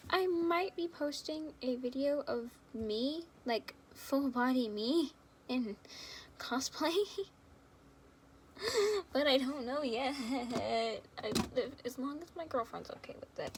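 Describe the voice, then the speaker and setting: A woman's voice: high voice, slow pace, background noise. A young woman rambling and giggling affectionately as she chats casually to her viewers at home. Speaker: fan video creator.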